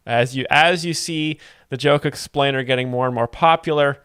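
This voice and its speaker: Deadpan man halting through mock explanations. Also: mid-range voice, clear, resonant tone, dry recording, clean studio sound. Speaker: comedy host explaining jokes.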